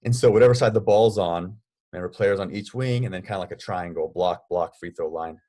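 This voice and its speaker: Deep-voiced man explaining drills. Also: fairly quick, warm tone. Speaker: basketball coach, podcast co-host. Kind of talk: casual podcast chat.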